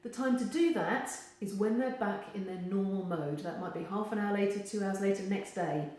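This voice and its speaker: A woman gives advice straight to camera, animated and acting out the voices she quotes. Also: medium pitch, moderate pace. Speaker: therapist giving advice. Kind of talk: direct-to-camera advice video. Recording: very echoey room.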